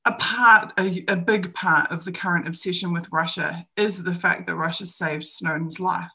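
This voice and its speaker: Emphatic New woman, bright tone. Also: fairly low pitch, steady tone, moderate pace, vocal fry. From New Zealand. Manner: emphatic and opinionated, acting out other people's lines. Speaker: co-host. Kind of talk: live-streamed discussion.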